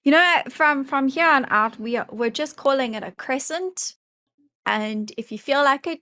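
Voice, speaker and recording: A woman's voice: a little high, normal speed, a bit bright, no echo. Laid-back, amused woman guest, dry sound. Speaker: streamer guest. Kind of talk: casual interview chat.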